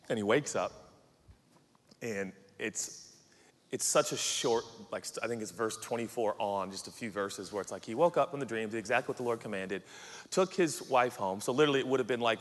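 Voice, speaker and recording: Animated, jokey pastor in his forties. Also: mid-range voice, normal speed, long pauses. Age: 40s. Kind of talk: humorous sermon storytelling. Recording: echoey hall with faint ambience.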